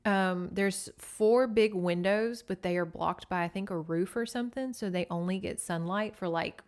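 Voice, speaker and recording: A woman's voice: on the low side, normal speed, a little mellow, clean tone. Chatty woman recapping a book. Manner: chatty, profane, laughing asides. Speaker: podcast host.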